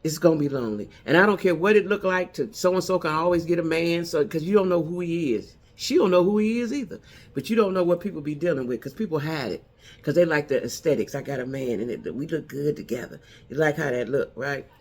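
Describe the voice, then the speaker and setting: A woman's voice: sits low, fast, a little mellow. A middle-aged woman giving casual dating advice to other women, emphatic and repeating her key points for effect.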